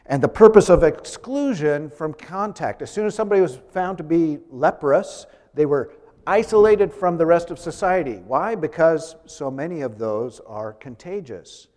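Delivering a sermon in a church sanctuary, this preacher keeps a conversational tone with gentle jokes along the way. He speaks at a moderate pace in a higher, darkish voice with lively intonation, and the audio carries long church reverb.

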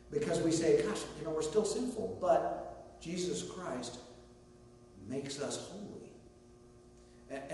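A male pastor delivers a sermon in an easygoing, conversational way, with story asides and a bit of humor, at a middling pitch. He is picked up from some distance in a very echoey hall with a long reverb tail. A faint hum sits under his voice. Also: mellow.

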